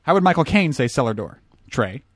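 A young man co-hosting a casual movie chat, quick and joking, riffing on movie lines and accents. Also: medium pitch, sing-song, husky, no room sound, studio quality. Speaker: podcast co-host. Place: apartment.

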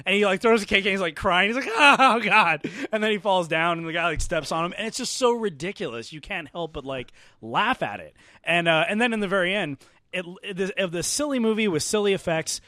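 A man co-hosting a casual film podcast, retelling movie scenes with lively acted-out bits. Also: sits high, no room sound, studio quality. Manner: animated storyteller, acting out scenes. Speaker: podcast co-host. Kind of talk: casual chat.

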